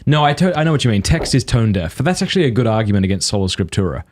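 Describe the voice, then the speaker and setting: A man's voice: lowish voice, big pitch swings, very fast, darkish tone. A man in his thirties hosting a podcast, asking questions in a casual, joking conversational way. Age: 30s. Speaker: podcast host. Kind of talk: casual interview chat.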